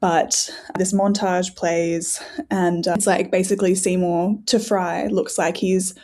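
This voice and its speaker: A woman's voice: fairly low pitch, a little slow. A woman guest on a podcast, telling stories with animation and frequent "like" fillers. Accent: non-American English. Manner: animated storyteller, laughs often, filler "like". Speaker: guest scholar. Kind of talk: casual conversational interview.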